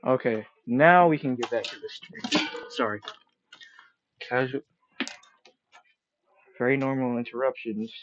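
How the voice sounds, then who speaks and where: A man's voice: medium pitch, measured pace, pauses often, lo-fi sound, noisy background. Rambling man streaming a game. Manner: rambling, self-deprecating, swears casually. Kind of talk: casual live-stream commentary. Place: room at home.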